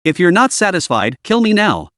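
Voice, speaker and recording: A man voicing a hot-tempered giant male warrior in an animated story recap, talking bluntly and impatiently. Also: high-pitched, normal speed, dry recording, studio quality, voice pushed up.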